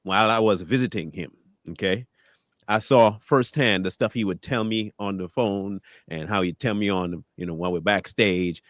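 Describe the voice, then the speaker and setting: A man with a low voice co-hosts a live talk stream, recorded dry and close to the mic. He talks casually and with energy, putting on voices for the people he quotes and laughing now and then. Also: normal speed, dry recording. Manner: animated, acts out quoted voices, laughs often. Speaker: co-host.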